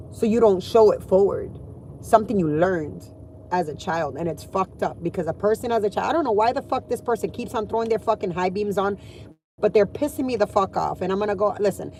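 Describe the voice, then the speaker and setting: A woman's voice: mid-range voice, warm tone, a little hiss or hum. A woman in her forties talking candidly and emotionally in a casual vlog from inside her car, swearing freely. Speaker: vlogger.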